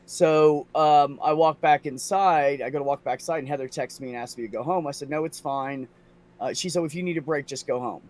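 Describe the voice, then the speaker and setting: A man's voice: fairly high pitch, a little fast. Frustrated man venting with lots of profanity. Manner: venting, profane, animated storytelling; mimics other people's voices in quotes. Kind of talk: casual podcast chat.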